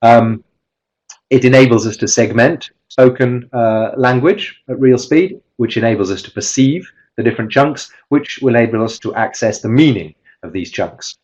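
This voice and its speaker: A man's voice: mid-range voice, moderate pace, a little mellow. A man presenting a webinar lecture on teaching pronunciation, hesitant with many fillers and restarts, heard over a video call. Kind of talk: lecture-style webinar talk. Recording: slightly dull webinar audio.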